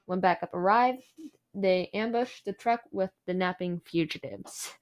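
A woman's voice: on the low side, unhurried. A woman hosting a true crime podcast, telling the case in a chatty way with frequent fillers. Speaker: podcast host.

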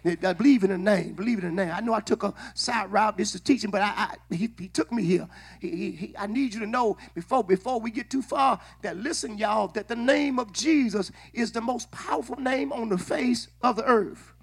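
A man preaching a sermon in a church, calling on the congregation to answer back. He often repeats and restarts his words, and he builds up to shouting. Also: sits high, brisk, gravelly, breathy edge. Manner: call-and-response preaching, rising to shouts. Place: church sanctuary.

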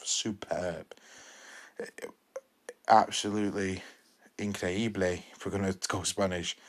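A man's voice: low voice, a bit bright. A man in his twenties talking casually and enthusiastically as a podcast host reviewing a film, rambling with restarts and repeated words. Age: 20s.

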